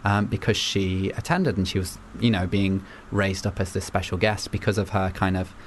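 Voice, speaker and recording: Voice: low-pitched, normal speed, slight background noise. A young radio host, chatting casually on air and laughing often.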